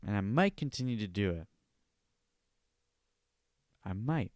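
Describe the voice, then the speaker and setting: A man hosts a solo podcast, ranting with indignation and swearing freely while habitually tossing in "all right?" His voice is fairly low and swings widely in pitch, a little slow and a little mellow, with no room sound.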